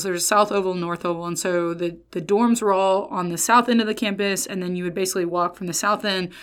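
A woman's voice: lowish voice, fairly bright tone, clear, resonant tone. A woman preaching, reading scripture and then telling a story from her student years in a chatty, folksy way, full of restarts, calling the listeners y'all. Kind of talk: sermon with personal storytelling.

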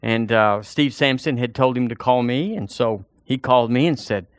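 A man's voice: mid-range voice, normal speed, no room sound, clean studio sound. A man preaching a sermon as pastor, folksy and full of rhetorical questions.

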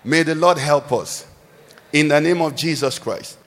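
A man preaching a sermon, animated, posing questions for the congregation to answer, recorded in a large church hall. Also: fairly high pitch, unhurried. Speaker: pastor. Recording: echoey hall with long reverb.

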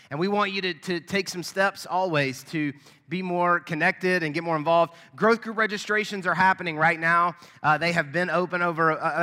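A man's voice: fairly high pitch, sharp tone. Chatty man pastor in echoey hall. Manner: friendly, joking, chatty with fillers. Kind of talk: casual church welcome and announcements. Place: church sanctuary.

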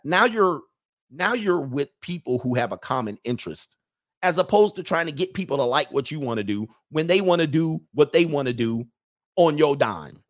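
A man's voice: on the high side, animated, moderate pace. A man hosting a show, giving a blunt, opinionated monologue to his viewers and acting out the voices of people he quotes.

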